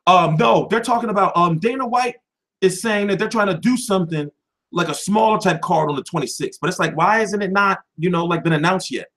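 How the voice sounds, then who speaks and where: A man's voice: high-pitched, fairly quick, fairly bright tone. A young man hosting a boxing channel, answering viewers in a heated, profane livestream chat.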